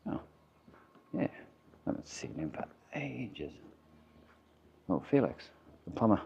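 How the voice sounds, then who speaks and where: Deep-voiced Australian man rambling outdoors. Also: sing-song, takes it slowly, gravelly, darkish tone. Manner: rambling, chatty, muttering asides. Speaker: vlogger. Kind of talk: walking vlog narration. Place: outdoors by a town waterfront. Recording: dull lo-fi camera audio with faint outdoor noise.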